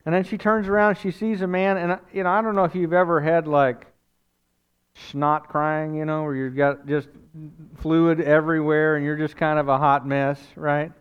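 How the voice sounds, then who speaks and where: A male pastor with a fairly high, smooth and resonant voice delivers a sermon like a storyteller, chatty and lively, with off-the-cuff asides. The recording sounds a little muffled. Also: moderate pace. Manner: conversational, animated storytelling with asides.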